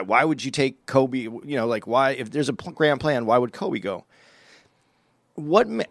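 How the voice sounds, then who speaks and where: A man co-hosting a podcast, talking in a measured way and weighing both sides of the argument. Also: medium pitch, creaky, fairly bright tone, dry recording, studio quality. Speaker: podcast co-host. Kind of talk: podcast discussion.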